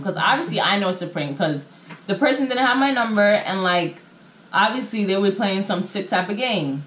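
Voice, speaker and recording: A young woman chats straight to her camera at home and tells a drama-filled story in loose slang, putting on everyone's lines as she goes. Her voice sits mid-pitch for a woman. The room around her sounds echoey, with a faint hum of ambience behind it. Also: expressive, a little fast, a bit bright. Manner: chatty, slangy storytelling that acts out what people said. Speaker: vlogger telling a story time. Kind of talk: casual storytime chat to camera. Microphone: camera mic.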